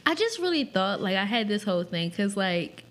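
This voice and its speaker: A woman's voice: medium pitch, big pitch swings, normal speed, fairly bright tone. Blunt, teasing young woman. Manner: teasing, laughs a lot, blunt. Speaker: podcast co-host. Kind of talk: casual chat.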